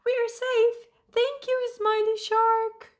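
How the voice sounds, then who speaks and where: A woman's voice: extremely high pitch, slow, pitched above the performer's own voice. A woman doing squealing little fish. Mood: joyful. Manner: squealing, excited. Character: chorus of small frightened fish.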